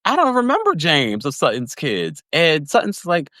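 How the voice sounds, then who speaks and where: A man hosting a livestream podcast recap, chatty and animated, laughing often and reading viewers' comments. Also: a little high, moderate pace, dry recording. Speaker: podcast host recapping reality TV.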